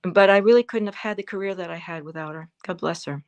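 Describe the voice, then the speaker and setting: A woman in her seventies answering interview questions as a guest actress, telling fond stories with pauses and fillers. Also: on the low side. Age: 70s. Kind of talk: interview answers over a livestream.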